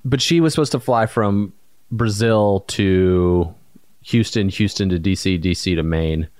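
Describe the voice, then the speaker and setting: A man's voice: deep voice, a little slow, darkish tone, no echo, studio quality. A man co-hosting a podcast, chatting casually in an easygoing, joking way. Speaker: podcast co-host. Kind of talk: casual chat.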